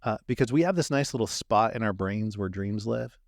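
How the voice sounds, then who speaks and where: A man on a podcast as a guest, explaining his ideas in an animated way and acting out little quoted exchanges. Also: fairly low pitch, fairly quick, vocal fry, no echo, studio quality. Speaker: dream manager guest. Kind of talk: podcast conversation.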